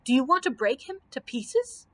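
A woman's voice: high-pitched, sing-song, normal speed, voice pushed up. A woman voicing a timid, good-natured male lion in a storybook, groaning and resigned.

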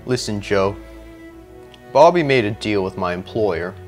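Man doing a crime boss voice, deep and low, cold, slow threats, game character, faint music underneath. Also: expressive. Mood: threatening.

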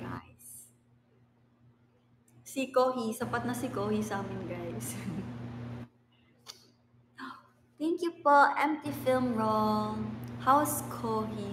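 Young filipino woman, playful livestream chat, slow unhurried talk, echoey room with long reverb. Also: mid-range voice, noisy background. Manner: playful, giggly, switches between English and Filipino. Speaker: livestream host. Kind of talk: casual live-stream chat reading comments.

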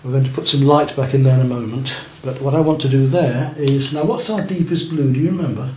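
In a roomy classroom with faint noise, an art teacher guides beginning painters while working himself, encouraging them and checking their efforts. His mid-range voice is darkish in tone and moves a little fast.

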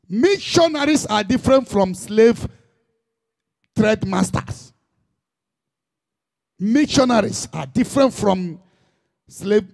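A man's voice: high voice, vocal fry. A man preaching an impassioned sermon in Igbo-accented Nigerian English, dropping in Igbo phrases.

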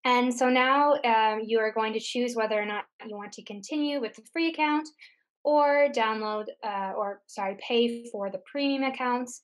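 A woman tech tutor giving a screen-share software lesson, explaining each step patiently. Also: on the high side, moderate pace. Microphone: computer mic on a recorded webinar.

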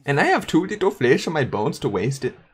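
A woman voicing a polite, gentle male zombie with a put-on German accent, in a higher sing-song voice. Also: big pitch swings, a little fast, slightly rough, full character voice. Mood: musing. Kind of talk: voicing game dialogue.

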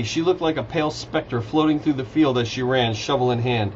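A man's voice: mid-range voice, fairly quick, hardly any pauses, slight background noise. A man reading his own fantasy novel aloud on a live stream, casual, with slips and restarts. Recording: dull lo-fi live stream audio.

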